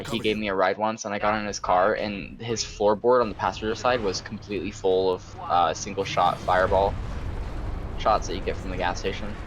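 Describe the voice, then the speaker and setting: A young man telling casual, profanity-laced stories while gaming with friends. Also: sits low. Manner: laid-back, profane storytelling. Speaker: streamer playing with friends.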